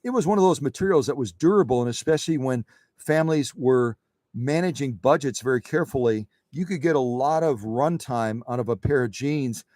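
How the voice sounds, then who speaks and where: A man's voice: medium pitch, brisk, darkish tone, no echo, studio quality. A man hosting a live sewing machine demonstration, chatting with viewers in a folksy, instructive way.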